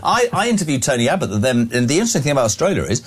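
A man in his sixties hosting a talk radio show, reading out listener messages in a playful, animated, teasing way. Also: medium pitch, rapid-fire, husky. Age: 60s.

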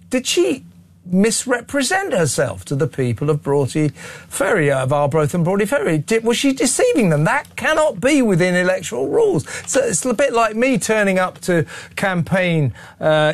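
A man's voice: fairly high pitch, vocal fry. Sarcastic man hosting a talk show. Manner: sarcastic, mocking. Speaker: host. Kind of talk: opinionated talk show commentary.

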